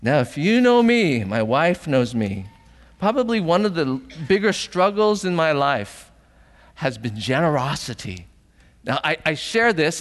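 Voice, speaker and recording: A middle-aged man preaching a sermon as pastor, telling stories animatedly and acting out voices. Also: long reverb tail. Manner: animated storytelling, acting out voices with big pitch jumps.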